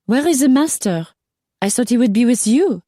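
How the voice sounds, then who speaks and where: A woman voicing an excitable young French woman with a squealing, plaintive manner and a French accent. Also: on the high side, moderate pace, dry recording, clean studio sound, pitched above the performer's own voice. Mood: pleading.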